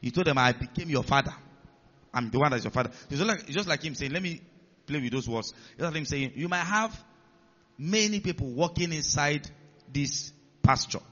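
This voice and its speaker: A man preaching a sermon as pastor, teaching slowly and checking with the congregation through repeated questions. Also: on the high side, lively intonation, a bit bright, in a large hall, muffled recording.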